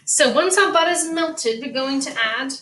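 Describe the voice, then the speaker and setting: A high-voiced woman leads a relaxed cooking lesson from a kitchen. She talks in a chatty, easygoing way and laughs readily as she explains each step. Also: moderate pace, noisy background. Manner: chatty, laughs easily, plays along with banter. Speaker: school choir director teaching cooking. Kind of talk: casual cooking demonstration.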